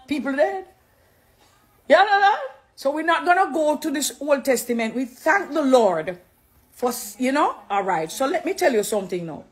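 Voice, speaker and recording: A middle-aged woman with a Jamaican accent, talking to camera in an animated, preachy, affectionate way, slipping into patois. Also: high voice, normal speed. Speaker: dancehall artist. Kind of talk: casual direct-to-camera talk.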